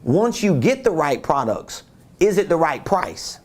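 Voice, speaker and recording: Male business coach, conversational and repetitive, voice sitting a touch high. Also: sing-song, measured pace. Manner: conversational, repeats points, rhetorical questions. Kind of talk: casual coaching talk.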